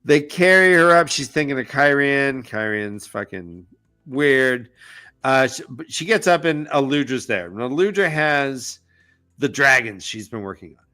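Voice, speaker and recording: A man co-hosting a casual book discussion, recapping the plot with jokey, animated asides. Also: medium pitch, a little slow. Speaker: podcast co-host.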